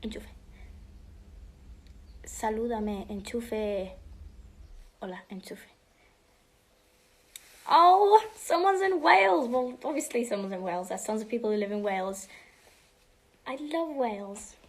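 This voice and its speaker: A woman's voice: mid-range voice, unhurried, long pauses, dark tone. A teenage girl casually answering fan questions on a livestream, chatty and bubbly, slipping between English and Spanish and often dropping to a whisper. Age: teens.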